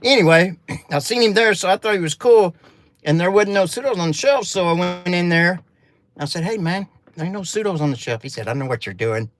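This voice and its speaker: A man's voice: high voice, lively intonation, a little fast. A man from Arkansas with a Southern accent, telling a rambling, profane story in a folksy, casual way.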